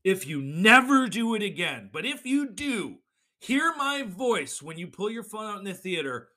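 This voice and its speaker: A young man hosting a solo podcast, ranting with swearing and sudden shouted bursts. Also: high voice, sing-song, normal speed. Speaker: podcast host.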